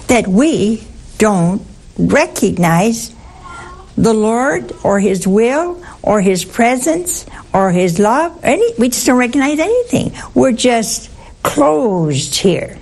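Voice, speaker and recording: A woman's voice: fairly high pitch, darkish tone, husky. A woman giving an informal Bible teaching to a group, talking conversationally and often putting questions to her listeners.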